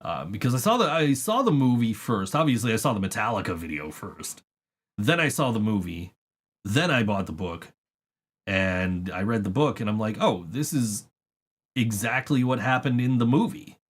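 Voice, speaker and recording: A man's voice: lowish voice, big pitch swings, moderate pace, husky. A man hosting a podcast, chatting casually and rambling through stories with frequent swearing and laughs. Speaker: podcast host. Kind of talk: casual chat.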